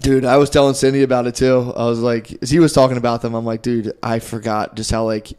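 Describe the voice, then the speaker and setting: A man's voice: mid-range voice, flat delivery, fast, darkish tone, smooth. A young man co-hosting a podcast in casual comedic chat, telling stories with a lot of energy, slipping into voices for the people he quotes and laughing often. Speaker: podcast co-host.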